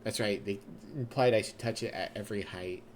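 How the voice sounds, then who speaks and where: A man's voice: fairly low pitch, fairly quick, slight background noise. A man streaming a video game, reading its text aloud and slipping into character voices with playful asides.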